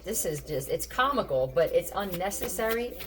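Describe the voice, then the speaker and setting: A woman's voice: fairly low pitch, lively intonation, moderate pace, crowd noise. A woman giving a casual tarot reading, thinking aloud in a blunt, profane way. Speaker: tarot reader.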